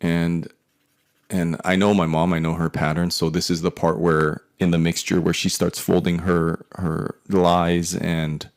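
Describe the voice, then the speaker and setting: Man in his forties, very low gravelly voice, swears freely while telling a rambling family story. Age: 40s. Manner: profane, rambling, wry. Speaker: artist telling a personal story. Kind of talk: casual storytelling monologue.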